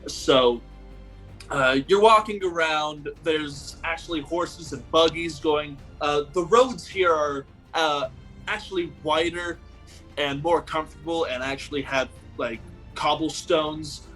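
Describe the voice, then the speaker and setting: Slow-talking bright-voiced game master man. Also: fairly high pitch, soft background music. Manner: relaxed, hesitant with many fillers. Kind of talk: narrating a tabletop game.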